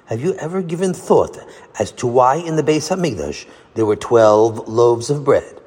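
A man voicing a warm, patient rabbi who gently questions and teaches young boys. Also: mid-range voice, lively intonation, moderate pace, husky, in a large hall.

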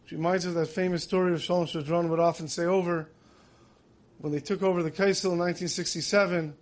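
A man giving a sermon, telling stories in an earnest way that builds emotion. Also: a little high. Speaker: religious teacher.

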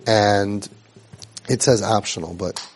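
A man's voice: fairly low pitch, fairly even intonation, takes it slowly, heavy background noise. A middle-aged man giving an earnest instructive talk to a group of young siblings, asking rhetorical questions, repeating phrases for emphasis and dropping Hebrew and Yiddish religious terms. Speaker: family support trainer.

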